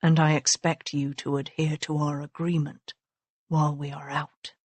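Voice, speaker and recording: Woman narrator playing a guarded, self-made Regency gentleman: low, soft-spoken, quietly commanding, deliberate. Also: flat delivery, no echo. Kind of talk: audiobook character voicing.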